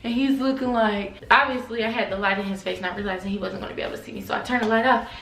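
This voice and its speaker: A woman casually telling a party story to camera, animated, slangy and profane, acting out the quotes. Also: mid-range voice, very fast, creaky. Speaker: storytime vlogger. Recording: echoey room, mic at a distance.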